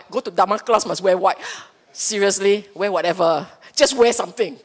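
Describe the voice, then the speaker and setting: A woman's voice: medium pitch, moderate pace. A woman with a Singaporean English accent giving a playful, teasing Dhamma talk as a Buddhist teacher, often checking in with her listeners. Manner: playful, teasing, asks the audience for agreement. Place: temple hall.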